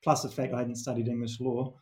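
A man's voice: mid-range voice, little pitch movement, a little fast, darkish tone. A middle-aged man with a New Zealand accent, a performance coach telling stories in an earnest, reflective interview answer with frequent restarts.

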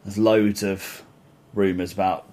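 A man's voice: sits low, level tone, a little slow, warm tone. A man co-hosting a football podcast, chatting casually with laughing, sweary banter. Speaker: podcast co-host. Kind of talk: casual chat.

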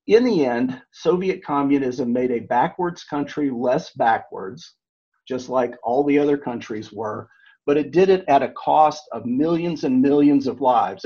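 A man's voice: medium pitch, darkish tone, slightly rough. A man on a podcast panel making an emphatic, persuasive case. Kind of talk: argumentative podcast pitch. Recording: muffled lo-fi mic.

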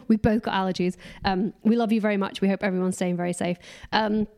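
A woman's voice: medium pitch, steady tone, warm tone. Chatty woman co-hosting a podcast. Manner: chatty, jokey, quick-talking. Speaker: podcast co-host. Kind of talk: casual chat. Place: at home on a sofa.

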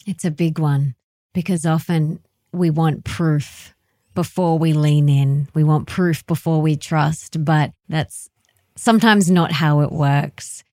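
A woman's voice: sits low, a little mellow, dry recording, clean studio sound. A woman podcast host speaking in an earnest, encouraging way to her listeners. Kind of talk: reflective interview remarks.

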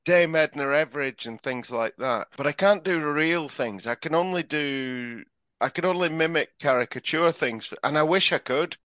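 Bright-voiced jokey male co-host. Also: a little high, moderate pace, dry recording. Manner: jokey, laughs often, does puppet voices. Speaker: podcast co-host. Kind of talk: casual comedic chat.

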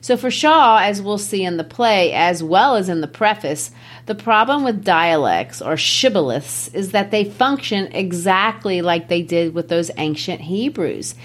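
A woman's voice: mid-range voice, expressive, unhurried. A woman with a Memphis, Tennessee accent, co-hosting a literary discussion in an explanatory, lecture-like way. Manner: explanatory, lecture-like, quotes texts. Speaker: podcast co-host.

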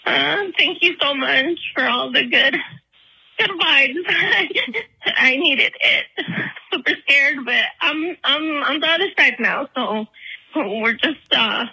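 A woman leaving a tearful voicemail for a podcast, halting and full of fillers. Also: sits high, expressive, vocal fry, bright, forceful tone, rough recording. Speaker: voicemail caller. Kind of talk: emotional voicemail. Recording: phone voicemail.

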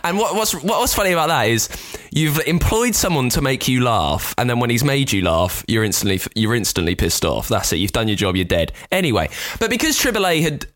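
A man co-hosting a podcast, telling stories in a casual chat with an animated, jumpy delivery. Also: mid-range voice, fairly quick, hardly any pauses. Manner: animated, jumpy storytelling with lively swings. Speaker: podcast co-host.

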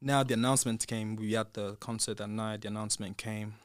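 Guesting on a podcast, this ex-reality-show contestant, a young Brit, animatedly recounts what happened, performing the dialogue and growing louder as tensions build. He speaks a little fast in a fairly low, clear, resonant voice, with studio quality and no room sound.

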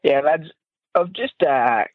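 A man's voice: on the high side, expressive, slow, no echo, phone-quality sound. A man calling in to a show, musing casually and swearing freely. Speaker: caller.

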